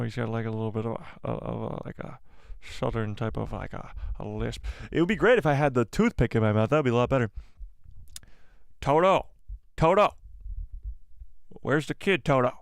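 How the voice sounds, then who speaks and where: A man hosting a casual live stream, animated and self-deprecating, who laughs often. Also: mid-range voice, creaky, smooth, no echo, studio quality. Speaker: livestream host.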